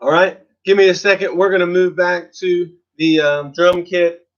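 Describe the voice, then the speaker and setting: A man's voice: sits high, fairly even intonation, moderate pace, highs cut off. A man teaching an online drum lesson, chatting casually and counting students through the exercises. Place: drum studio. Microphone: phone camera.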